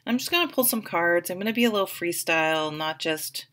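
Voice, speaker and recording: A woman's voice: lowish voice, expressive, brisk, fairly bright tone, slight background noise. A woman giving a casual, chatty tarot reading to the camera, rambling a little with restarts and asides. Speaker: tarot reader.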